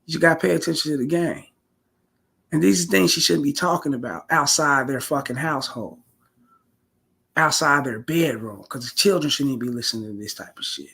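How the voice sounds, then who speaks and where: A man delivers a casual commentary rant, blunt and profane, repeating his points in street slang. His voice is gravelly with a husky edge. It also sits slightly high for a man. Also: a little fast, pushed and bright. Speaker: commentary vlogger.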